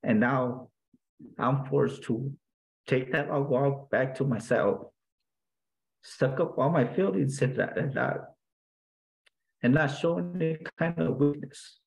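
Man, interview guest, gravelly voice, halting, many restarts, earnest storytelling. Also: mid-range voice, low-quality recording. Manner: earnest, reflective recounting.

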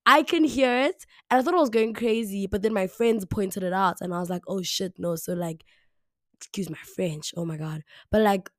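A young woman from South Africa hosting a podcast alone, talking casually with lots of "like" fillers, her voice hoarse, slightly raspy and deeper after the flu. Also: steady tone, moderate pace, darkish tone, no room sound, clean studio sound. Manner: chatty, repeats herself, many "like" fillers. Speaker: podcast host. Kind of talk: casual solo podcast talk. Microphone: camera mic, alone indoors.

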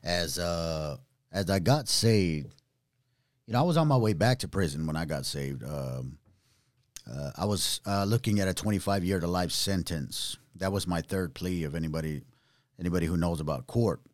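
A man sharing his own testimony in casual chat, animated, using street slang and acting out other people's voices. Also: deep voice, moderate pace, no room sound, studio quality.

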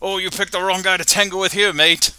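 A man's voice: sits high, flat delivery, quick pace, noisy background, voice pushed up, natural voice. A man voicing a blustering, angry Australian man on the phone, with a put-on Australian accent. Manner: shouting, indignant, blustery.

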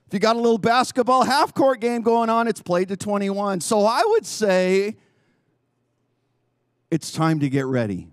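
A male pastor preaching a sermon in a church courtyard, emphatic and urging, with long pauses. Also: sits high, lively intonation, no echo, studio quality.

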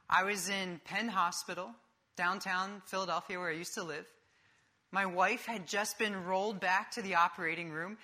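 A young man preaches a sermon in a high, bright voice that carries sharply. Telling his story vividly and animatedly, he shifts easily between humor and earnest preaching.

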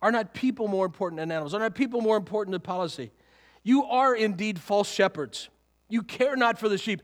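A high-pitched male pastor preaching a sermon in a church sanctuary, talking conversationally with rhetorical questions and chuckling asides. His voice rings with a long hall reverb. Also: a little fast.

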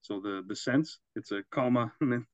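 A man's voice: mid-range voice, normal speed, dry recording. Guy co-hosting a podcast, rambly and jokey, keeps laughing at his own bits, kinda muffled dry audio. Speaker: podcast co-host. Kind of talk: casual podcast chat. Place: Quebec, Canada.

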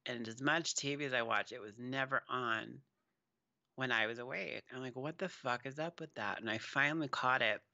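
Man, very bright gravelly voice, lively pitch, casual swearing chat. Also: fairly quick, no echo, muffled recording. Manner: animated, swearing movie recap. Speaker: podcast co-host.

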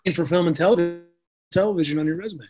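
Middle-aged man, high voice, chatty anecdotal guest, lots of restarts. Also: very fast, warm tone, faint music behind. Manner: chatty, many restarts and fillers. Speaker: actor, guest. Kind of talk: casual storytelling interview.

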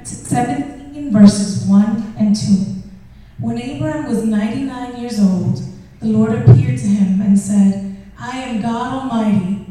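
A woman reads a Bible passage aloud in a measured, carrying voice. Her tone sits a little high but stays mellow. She sounds far from the mic in a roomy, echoing church hall. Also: a little hiss or hum. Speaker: scripture reader. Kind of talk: reading scripture aloud.

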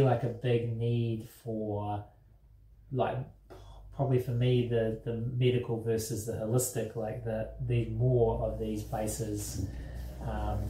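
A man with a New Zealand accent talks through his thoughts in a rambling, unhurried way, full of fillers and restarts. His voice is mellow and dark. It is recorded from a distance in an echoey room. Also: mid-range voice, slight background noise. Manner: rambling, searching for words with many fillers. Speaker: mental health nurse. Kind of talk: conversational interview.

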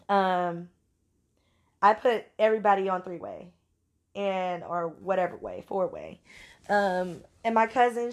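A woman from Louisiana with a Louisiana accent, telling a story casually and with salty language while acting out her own quotes. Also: medium pitch. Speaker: vlogger.

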